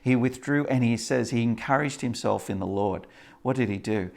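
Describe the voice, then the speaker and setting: A man's voice: mid-range voice, normal speed, vocal fry. A male pastor preaching a sermon, retelling a story with lots of fillers. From Australia.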